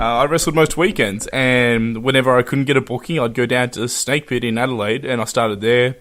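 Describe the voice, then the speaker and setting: A man's voice: mid-range voice, fairly bright tone. A man in his twenties with an Australian accent, telling stories in a laid-back, jokey way as a guest in a home. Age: 20s. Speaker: wrestler and interview guest. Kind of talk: casual conversational storytelling. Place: a private home.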